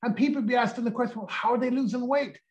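A man in his sixties giving an energetic sales pitch on a video call, firing off rhetorical questions and acting out quotes. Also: quick pace, lo-fi sound. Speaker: company co-founder presenting.

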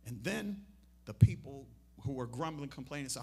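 A man delivers a memorial sermon in a husky, mid-range voice. He tells a parable with acted-out voices and rises into loud, emphatic calls to his listeners. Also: mid-range voice, lively intonation, normal speed. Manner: storytelling that acts out quotes and swells to loud emphatic appeals. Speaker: preacher at a memorial service.

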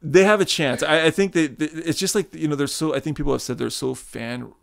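Animated gravelly man in casual chat. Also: on the high side, fairly quick. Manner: animated, swearing, acting out quoted voices. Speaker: podcast host.

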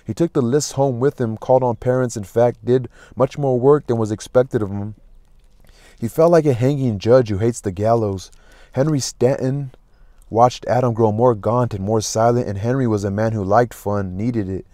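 A man reading a classic novel aloud as an audiobook, in a steady, unhurried way. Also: medium pitch, no echo, clean studio sound. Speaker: audiobook narrator.

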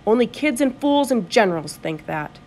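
A woman reading the part of a stern, weary old grandfather who lectures slowly and gravely. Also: a little high, very animated, darkish tone, slight background noise, pitched above the performer's own voice.

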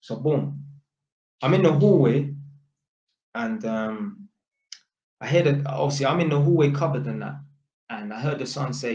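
A man telling a story in a casual, animated way, full of street slang and tag questions. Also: medium pitch, normal speed, long pauses, slight background noise. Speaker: vlogger. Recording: echoey room, dull lo-fi sound.

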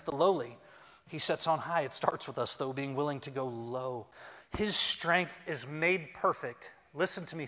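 A pastor delivering a sermon, animated and humorous, leading his congregation to speak along. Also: a little high. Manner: animated, humorous, leads the congregation in call-and-response. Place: church sanctuary. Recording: long reverb in a church hall.

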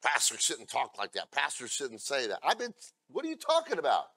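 A male pastor delivering a sermon, moving between loud scripture readings and blunt asides to the congregation. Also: mid-range voice, wildly swooping pitch, brisk, vocal fry, dry recording. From America. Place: church.

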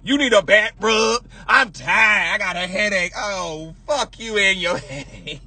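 A man hosting a casual livestream rant, loud and projecting, sassy and profane, laughing often. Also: high-pitched, unhurried, slight background noise. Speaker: livestream host.

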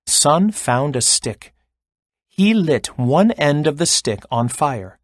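A man reading a children's story aloud in an expressive, deliberate way. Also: a little high, no echo, clean studio sound.

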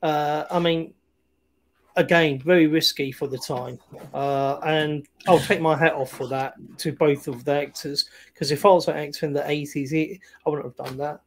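A man with a fairly high voice talks through a film in loose, casual chat. He hesitates often, trailing off into fillers and restarting his sentences. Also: fairly even intonation, normal speed, slight background noise. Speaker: film review podcast co-host.

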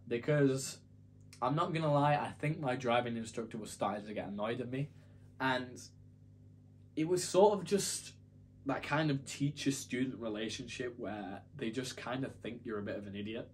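A man's voice: mid-range voice, moderate pace, slight background noise. A young man telling a story to camera in a casual, rambling, self-deprecating way. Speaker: YouTuber.

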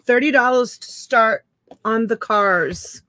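A woman co-hosting a live auction stream, calmly showing items one by one. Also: a little high, takes it slowly. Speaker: auction co-host. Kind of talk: live selling stream chat.

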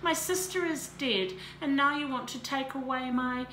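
A woman voicing a frantic young heroine, shrill in outbursts. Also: lively intonation, slow, a little hiss or hum. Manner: pleading, rising to near-shrill outbursts. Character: distraught young woman, fierce grieving aunt. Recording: roomy echo.

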